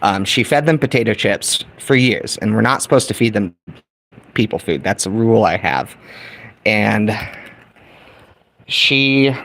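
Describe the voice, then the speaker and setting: A man's voice: on the low side, lively intonation, measured pace, vocal fry, long pauses, fairly bright tone. A middle-aged American man chatting casually with his livestream viewers while he builds a small kit. He talks in a folksy, chatty way and addresses the audience directly. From United States. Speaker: livestream host.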